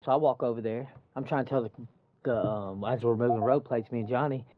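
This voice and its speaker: Cussing his way through a work story, a construction worker with a brisk, mid-range voice quotes the dialogue as he animatedly retells it. The casual chat comes through a dull, muffled, dry recording.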